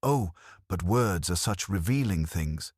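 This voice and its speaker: A man's voice: low voice, animated, a little slow, darkish tone, slightly rough, no room sound, studio quality, exaggerated voice. A man voicing an elderly woman sleuth who speaks in a light, pleasant, conversational way. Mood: pleasant, probing. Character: elderly woman sleuth, gentle, shrewd, unruffled.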